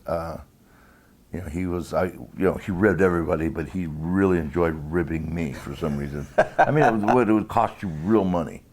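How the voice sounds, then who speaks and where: Low-voiced man telling wrestling stories. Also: a little mellow. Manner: rambling, halting, many restarts. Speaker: interview guest, former wrestler. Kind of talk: casual storytelling interview.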